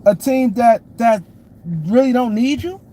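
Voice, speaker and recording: This New York City man hosts a laid-back sports talk livestream, repeating his points and greeting viewers by name. His very high voice is expressive and unhurried, with a dark tone and a little hiss or hum on the recording.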